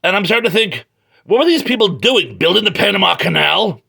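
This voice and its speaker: Jokey comic reviewer, male, bright, slightly high voice, casual garage recording. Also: very animated, fairly quick, vocal fry, slightly rough. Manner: joking, chatty, wry asides. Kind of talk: casual read-through review. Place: home garage.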